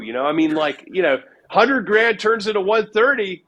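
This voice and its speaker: A man speaking as an interview guest, his voice sitting a little high for a man. He talks in a loose, rambling way, full of filler words, and tells stories with a lot of animation. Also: a little fast, hardly any pauses, a bit bright, lo-fi sound. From United States. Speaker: guest investor. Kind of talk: casual interview talk.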